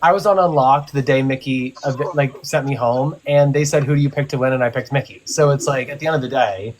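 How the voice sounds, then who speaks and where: A man chatting on a live stream as an eliminated contestant, blunt and quick to laugh. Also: medium pitch, steady tone. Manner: blunt, laughing, swears casually. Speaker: eliminated reality show contestant. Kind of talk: casual live-stream chat.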